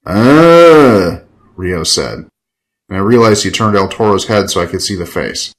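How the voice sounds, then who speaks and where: A man's voice: low voice, moderate pace, a bit bright, low-quality recording. A man narrating a gritty first-person story in a wry, profane, hard-boiled tone.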